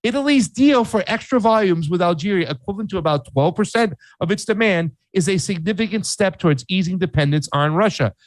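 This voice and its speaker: Brief: male commentary host, higher pitch, dry close mic, slangy and animated over news clippings. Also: no room sound, rough recording. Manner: animated, reads headlines aloud, says "fam", voices countries in mock quotes. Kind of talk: casual political commentary.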